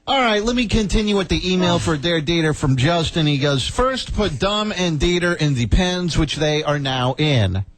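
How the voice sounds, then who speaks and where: A man hosting a radio show, reading a listener's email aloud between bursts of laughter. His voice sits a little high for a man. The talk is loose, joking banter. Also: expressive, normal speed, few pauses.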